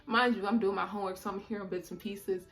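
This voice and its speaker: A woman in her twenties chatting casually while doing her makeup, talkative and animated, often saying "mind you". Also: medium pitch, fast talker, soft background music. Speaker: beauty vlogger.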